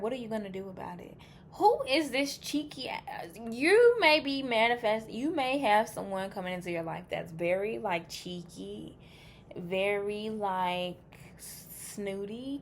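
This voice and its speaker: A woman's voice: medium pitch, lively intonation, slow, slight background noise. A woman giving a casual pick-a-card tarot reading. She is chatty and blunt, swears freely, and thinks aloud as she reacts to the cards.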